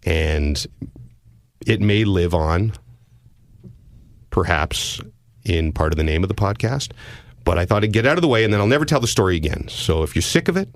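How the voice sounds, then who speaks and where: A man's voice: low-pitched, expressive, moderate pace, long pauses, no echo, clean studio sound. A middle-aged Canadian man, a podcast host and sportscaster, telling a story in casual, self-deprecating chat.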